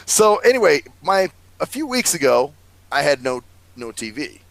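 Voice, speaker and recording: Male co-host, gravelly voice, lively pitch, dry close recording, rambling and profane. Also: moderate pace, no room sound, low-quality recording. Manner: rambling storyteller, swears a lot, laughs often. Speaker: podcast co-host. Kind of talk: casual chat.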